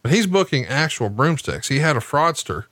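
A man with a bright, forceful voice tells stories in casual podcast chat, heavy with swearing and mocking put-on voices. His sound is dry and close. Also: on the high side, moderate pace, dry recording. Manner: profane, animated storytelling with mocking impressions.

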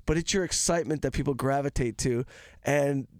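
A man's voice: medium pitch, a little fast, no room sound. A man hosting a casual podcast chat, hyped and emphatic, calling his guest bro. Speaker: host.

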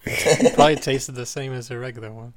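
A man with an everyday mid-range voice co-hosting a relaxed podcast. He chats with his co-hosts and slips in dry jokes. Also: medium pitch, fairly quick. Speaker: podcast co-host. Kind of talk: casual chat.

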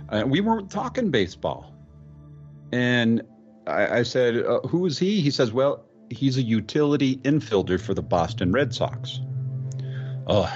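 A man doing an impression of a famous actor, retelling an eerie roadside encounter in the first person, with halting restarts and drawn-out dramatic phrases. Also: on the low side, dull audio. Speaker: podcast host.

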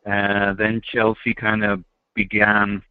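A man's voice: on the low side, completely flat delivery, slow pace, smooth, dry recording. A man chatting as a podcast regular over a phone call, hesitant and full of fillers. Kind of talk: casual podcast chat. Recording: tinny phone line.

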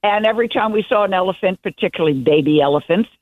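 A woman's voice: medium pitch, rapid-fire, no echo. An older woman, a guest journalist, telling stories enthusiastically in a casual interview over the phone. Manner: enthusiastic, meandering storytelling. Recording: dry tinny phone line.

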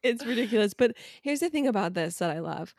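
A woman's voice: a little high, expressive, a little fast, creaky, darkish tone, dry recording. Woman cohosting a podcast, jokey and gushy, laughs a lot, dry close sound. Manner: gushing and jokey, laughing often. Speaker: podcast co-host. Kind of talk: casual chat.

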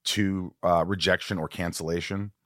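A man's voice: deep voice, fairly even intonation, moderate pace, fairly bright tone, no room sound, clean studio sound. A man hosting a casual interview podcast, who talks in a teasing, playful and rambling way. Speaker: podcast host.

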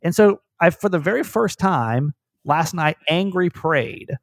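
A man hosting a podcast, talking in a rambling, self-deprecating way and telling animated stories. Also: on the high side, a little slow, vocal fry, no echo, studio quality. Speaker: podcast host. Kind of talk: casual podcast chat.

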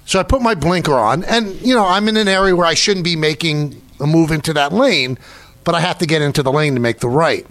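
Guy in his 60s spinning a yarn on radio, highish voice that swings all over, dry sound. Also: no room sound. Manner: animated storytelling, mock-outraged. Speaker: radio show host. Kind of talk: casual radio banter.

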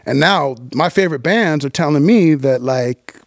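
A middle-aged man from New York telling stories as a podcast guest, animated and profane, with quick restarts and acted-out quotes. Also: a little high, dry recording, clean studio sound. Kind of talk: casual interview storytelling.

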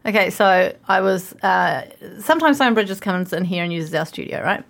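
A woman's voice: medium pitch, animated, moderate pace, creaky, a bit bright. Kiwi lady hosting a chatty podcast, bouncy voice, laughs a lot. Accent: New Zealand. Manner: bubbly, laughs often. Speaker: podcast host. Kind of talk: casual chat. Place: podcast studio.

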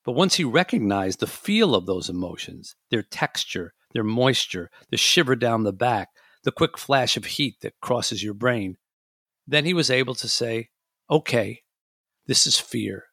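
Measured man reading a memoir. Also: mid-range voice, expressive, a bit bright, no echo, studio quality. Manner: measured, reflective. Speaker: audiobook reader and podcast host.

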